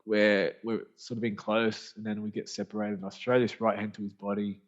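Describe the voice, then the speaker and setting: A man's voice: on the low side, a little fast. An Australian man telling a story as a podcast guest, casual and slangy, with lots of restarts. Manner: animated, rambling, slangy with frequent restarts. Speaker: guest, author and speaker. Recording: dull lo-fi podcast audio.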